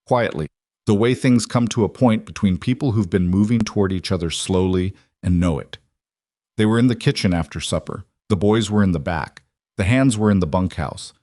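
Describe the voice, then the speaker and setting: A man narrating a scripted story in a calm, even tone. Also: on the low side, normal speed, dry recording.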